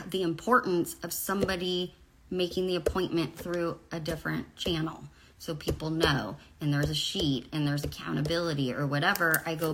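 A woman's voice: fairly low pitch, a bit bright. A woman in her forties talking candidly to camera, blunt and profane, rambling through personal stories. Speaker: vlogger.

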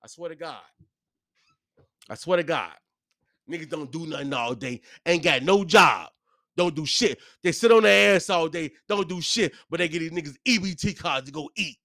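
A man in his thirties, a podcast host, delivering a profane comedic solo rant that swings between loud, heated outbursts and muttered asides. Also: on the high side, moderate pace, dry recording, studio quality.

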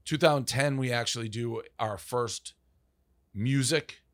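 A man's voice: mid-range voice, measured pace, fairly bright tone, no room sound, studio quality. A man, telling stories as an interview guest in a loose, profane way, acting out what people said to him. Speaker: interview guest, media founder. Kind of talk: casual interview storytelling.

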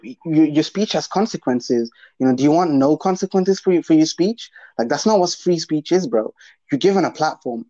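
A man chats casually on a podcast, slangy and full of stumbling restarts. His mic sounds dull and lo-fi, with the highs cut off. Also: darkish tone. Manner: casual, slangy, hesitant restarts, says bro. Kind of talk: casual political podcast chat.

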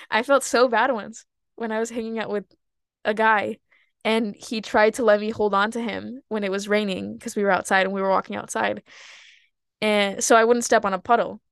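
A woman's voice: fairly high pitch, fairly bright tone, dry recording, clean studio sound. A young woman hosting a personal podcast monologue, talking candidly and animatedly, laughing at herself and breaking into sudden outbursts. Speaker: podcast host.

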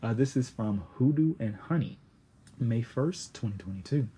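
A young man in his late twenties hosting a podcast, chatting casually in a slangy, animated way with sudden high exclamations. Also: moderate pace, slight background noise. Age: 20s; young adult. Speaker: podcast host.

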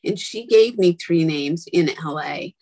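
A woman's voice: lowish voice, lively intonation, unhurried, dark tone, no room sound, rough recording. A woman telling her own story in a candid, angry, blunt and profane monologue, with whispered asides.

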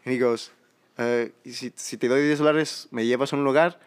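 A young man co-hosting a casual podcast, retelling a night out in a slangy, profane, animated way. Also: medium pitch, brisk, clean tone. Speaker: podcast co-host. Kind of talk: casual storytelling.

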